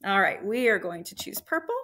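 A woman teacher leading a slow, encouraging phonics lesson for young children, sounding out letters and blending words. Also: mid-range voice, sing-song, sharp tone.

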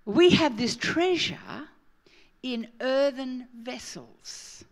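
A middle-aged Australian woman preaching a sermon, joking and swinging from quiet asides to loud emphasis. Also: a little high, animated, takes it slowly. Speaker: pastor.

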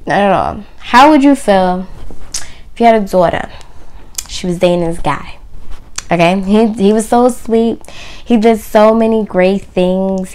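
Slow, emphatic woman dropping to near whispers. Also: mid-range voice, a little mellow. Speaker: video host. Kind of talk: personal faith talk to camera.

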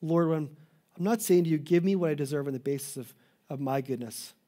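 Earnest male pastor, mellow voice. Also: on the high side, fairly quick. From Canada. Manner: earnest, restarts mid-phrase, pleading emphasis. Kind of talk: sermon.

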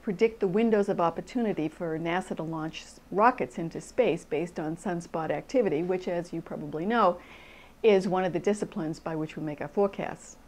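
A woman from the almanac staff, explaining its history in a measured documentary interview. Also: fairly low pitch, darkish tone.

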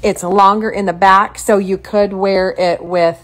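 A woman's voice: medium pitch, a little slow. A woman in her forties talking casually to her followers as a lifestyle blogger, rambling and poking fun at herself, dropping into mock voices for her own asides. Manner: rambling, self-mocking, animated storytelling with mock-voiced asides. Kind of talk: casual chatty vlog to followers.

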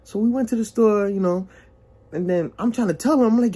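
A young man casually telling a personal story as testimony, acting out the dialogue with lively exclamations. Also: high voice, fairly quick, slightly rough. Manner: animated, acts out dialogue with exclamations.

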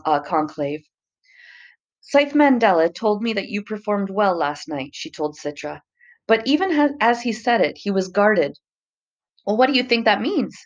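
A woman narrating a novel chapter in a measured, even storytelling manner. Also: lowish voice. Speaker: audiobook narrator. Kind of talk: scripted narration.

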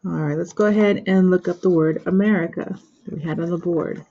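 Woman teaching syllables, husky and muffled. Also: lowish voice, fairly even intonation, dark tone. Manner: addresses an imagined class, pauses for answers, many fillers. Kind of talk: classroom-style pronunciation lesson. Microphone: screen recorder with built-in microphone. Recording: dull lo-fi screen recording.

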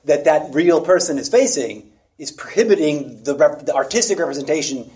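A man in casual conversation about theatre, thoughtful and measured, searching for the right words. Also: a little high, expressive, a little mellow. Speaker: theatre actor and director.

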